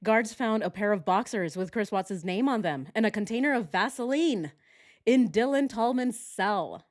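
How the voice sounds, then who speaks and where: A woman hosts a true-crime commentary vlog at a medium pitch. She talks casually and sarcastically, and laughter often breaks into her talk. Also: expressive, moderate pace. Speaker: channel host.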